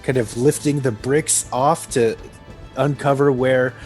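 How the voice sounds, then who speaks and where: A man narrating as game master, casual and halting, often laughing. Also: medium pitch, steady tone, darkish tone, soft background music.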